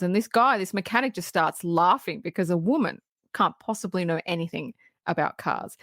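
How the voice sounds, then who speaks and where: A woman co-hosting a podcast, retelling film scenes in an animated, casual way. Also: lowish voice, brisk, no room sound, studio quality. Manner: animated retelling with quoted lines. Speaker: podcast co-host. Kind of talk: casual movie review chat.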